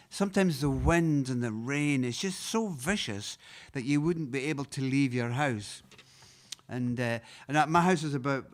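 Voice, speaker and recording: A Scottish man, a singer-songwriter, telling a rambling, halting story between songs, chuckling often. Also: mid-range voice, a bit bright. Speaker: singer-songwriter introducing a song.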